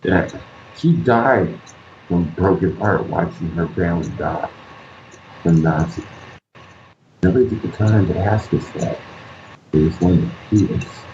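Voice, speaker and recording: A man's voice: low voice, dark tone. A man telling a personal story in an interview, earnest, repeating himself and acting out what others said. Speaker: guest artist and musician. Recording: dull lo-fi recording with faint noise.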